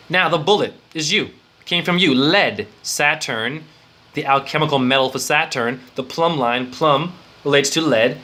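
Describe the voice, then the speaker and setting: Male spiritual teacher, rambling and profane, bright sharp voice pitched a bit high. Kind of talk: improvised esoteric lecture.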